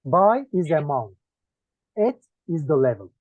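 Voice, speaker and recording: Male Turkish-accented English tutor, lively pitch, dry close sound, drills words one by one. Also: dry recording. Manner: listing words one by one with pauses. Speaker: English teacher. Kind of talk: one-on-one lesson. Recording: dry tinny phone-like sound.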